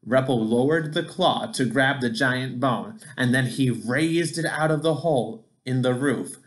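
A man reading a children's picture book aloud, gentle and expressive. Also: medium pitch, measured pace. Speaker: storybook reader.

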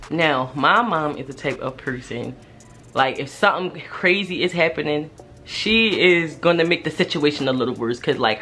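A young adult woman telling a personal story in a casual vlog, animated and slangy, swearing freely. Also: low voice. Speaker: vlogger.

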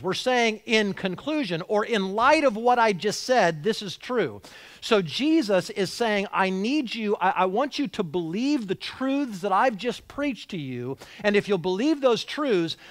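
A man preaching a sermon with a high, very lively voice that swings up and down. He speaks conversationally but with emphasis, repeating and restarting phrases as he goes. The sound is close and dry. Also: no echo. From United States. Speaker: pastor. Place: church.

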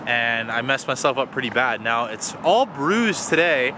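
A young man vlogging a casual food review, animated and ranting with loud exclamations. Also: mid-range voice, a little slow, background noise. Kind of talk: casual vlog chat.

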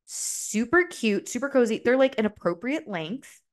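A woman's voice: fairly high pitch, lively intonation, moderate pace. A young adult woman hosting a podcast in a casual, candid solo chat, full of "like" fillers and the occasional swear word. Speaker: podcast host.

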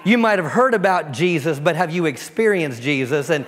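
Man, pastor, storytelling sermon, fairly high voice, long church reverb. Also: lively intonation, normal speed. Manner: storytelling, voice dropping low and soft for prayer. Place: church sanctuary.

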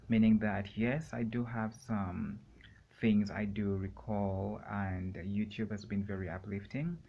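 A man talking alone in a room for a rambling solo vlog, meandering and halting with many fillers and pauses. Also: lowish voice, dull audio, a little hiss or hum. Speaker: vlogger.

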